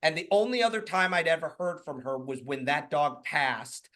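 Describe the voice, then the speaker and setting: Bright-voiced man in his fifties telling stories. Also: fairly high pitch, normal speed. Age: 50s. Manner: animated, acts out quoted dialogue, swears freely. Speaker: podcast guest. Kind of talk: casual storytelling.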